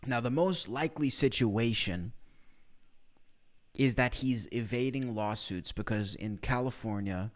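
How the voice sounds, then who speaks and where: A man's voice: mid-range voice, unhurried. Man hosting a livestream recap. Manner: explains to the chat directly. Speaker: podcast host. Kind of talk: livestream commentary.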